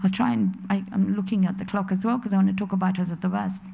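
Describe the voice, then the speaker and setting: A woman's voice: mid-range voice, fairly even intonation, quick pace, gravelly, warm tone. A middle-aged woman giving a religious lecture to a women's gathering, chatty and anecdotal, mixing in stories and quoted voices. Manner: conversational, anecdotal, with quoted voices and Arabic recitation. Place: community centre lecture hall.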